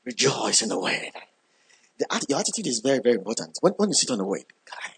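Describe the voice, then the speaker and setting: A man preaching a sermon, emphatic, repeating key words and building up when excited. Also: mid-range voice, fast, slightly rough.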